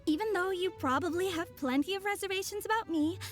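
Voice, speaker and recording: A woman's voice: extremely high pitch, brisk, music in the background. A woman voicing a composed, formal young female apprentice in a game. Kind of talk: game voice acting.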